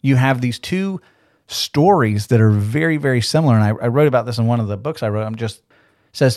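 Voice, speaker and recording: A man's voice: medium pitch, normal speed, a little mellow, dry recording. Man teaching scripture in a dry, close recording. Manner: conversational and explanatory, asks rhetorical questions. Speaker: Bible teacher. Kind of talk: podcast Bible teaching.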